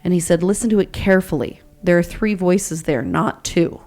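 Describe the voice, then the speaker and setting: A woman with a fairly low voice reads a listener's ghost story on a podcast. Her delivery is a steady storytelling read, relaxed and conversational between passages. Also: moderate pace, soft background music. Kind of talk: story reading and casual chat.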